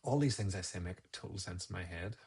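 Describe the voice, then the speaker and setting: A man's voice: low voice, expressive, quick pace, a little mellow, husky. A man casually talking viewers through a photo edit on a live stream, rambling and thinking aloud as he works.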